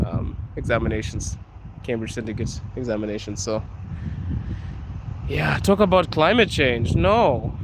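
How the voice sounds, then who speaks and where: Unhurried African man chatting on a street walk. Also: medium pitch. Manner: chatty, laughs often, answers viewers' comments. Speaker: vlogger. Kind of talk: live-streamed walking vlog. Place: outdoors on city streets. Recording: noisy outdoor street recording.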